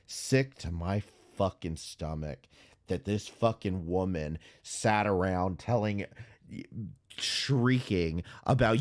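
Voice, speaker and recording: A man hosting a livestream commentary, ranting furiously with heavy profanity and stammering restarts when worked up. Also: fairly low pitch. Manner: furious, heavily profane, blunt. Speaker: streamer host.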